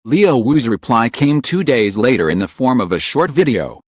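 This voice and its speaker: Male narrator, solemn script read, pitch swoops all over, dry booth sound. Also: big pitch swings, moderate pace, dry recording. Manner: solemn, lingering emotional phrasing. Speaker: channel narrator.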